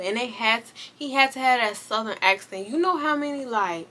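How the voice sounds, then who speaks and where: A woman's voice: mid-range voice, moderate pace, hardly any pauses, noisy background. A young woman reviewing a movie in casual, slangy chat, talking straight to her viewers. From United States.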